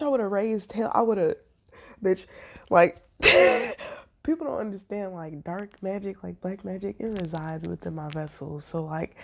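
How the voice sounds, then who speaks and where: A woman's voice: mid-range voice, slight background noise. A woman tarot reader telling a story in a blunt, emphatic way, with a lot of swearing. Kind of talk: casual storytelling.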